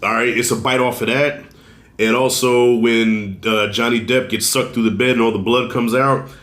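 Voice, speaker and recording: Male film reviewer, relaxed chatty delivery, a little under the weather, roomy echo on the voice. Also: medium pitch, moderate pace. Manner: loose and conversational, swears, addresses viewers as y'all. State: fighting a cold, clears throat. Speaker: movie reviewer. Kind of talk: casual spoken film review.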